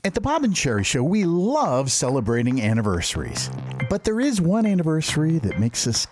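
A man's voice: fairly high pitch, wildly swooping pitch, fairly quick, music in the background. A man co-hosting a radio show, reading a show promo in an upbeat way. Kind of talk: scripted promo read.

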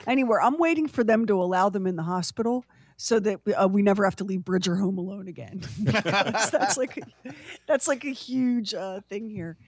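A chatty co-host who laughs easily and wanders into playful asides. The voice sits at a middling pitch. It is recorded close and dry, with no room sound. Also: moderate pace, no room sound. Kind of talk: casual chat.

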